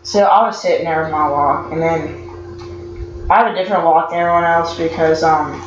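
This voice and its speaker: A man's voice: a little high, fairly even intonation, normal speed. Rambling teen boy with a stutter. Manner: rambling, filler-heavy, stutters and restarts. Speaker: vlogger. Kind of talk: casual storytelling vlog. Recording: echoey lo-fi room with noise.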